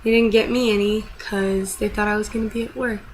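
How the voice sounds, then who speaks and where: A woman's voice: mid-range voice, flat delivery, a little fast, a little hiss or hum, rough recording. A young woman vlogging casually, rambling and venting with frequent swearing and self-deprecating asides.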